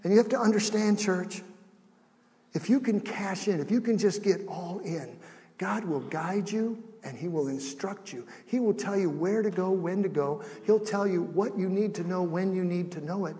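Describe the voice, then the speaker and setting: A middle-aged man preaching a sermon as pastor, animated, shifting between soft and loud with acted asides. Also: high-pitched, moderate pace, long reverb tail. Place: church sanctuary.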